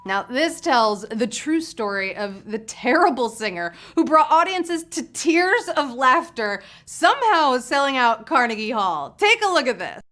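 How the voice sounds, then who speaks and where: A woman hosts a live trivia game show with a high, bright-sounding voice. She reads each question and throws in playful, teasing asides to the players. Faint music plays behind her. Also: sing-song, a little slow, hardly any pauses.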